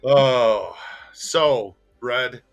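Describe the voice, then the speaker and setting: A man's voice: medium pitch, drawn-out words, clean tone, soft background music. A man hosting a casual podcast, laughing often and teasing his co-host while reading out viewer comments.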